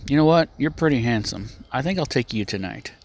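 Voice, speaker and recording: A man's voice: medium pitch, expressive, a little fast. A man playing a brash, flirty woman brawler.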